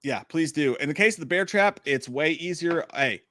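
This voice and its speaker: A relaxed man co-hosting a casual live stream, reading viewer messages aloud and laughing easily. His voice sits a little high and moves around a lot. The sound is dry and close. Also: moderate pace, no room sound. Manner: laid-back, laughs often, reads viewer chats aloud. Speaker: podcast co-host.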